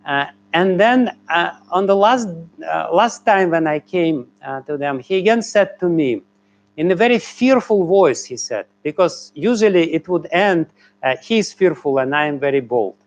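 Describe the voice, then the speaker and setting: A man's voice: high voice, animated, a little slow. Man, spiritual teacher, hesitant storyteller. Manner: hesitant, many fillers, chuckles between phrases. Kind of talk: question-and-answer talk.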